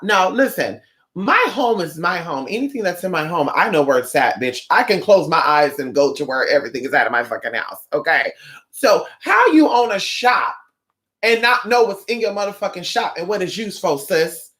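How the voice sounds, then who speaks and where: In a brisk, mid-range voice, the Northern California livestreamer chats casually, sassy and profane, acting out quotes while greeting viewers. The speaker is also a spiritual shop-goer who tells stories animatedly.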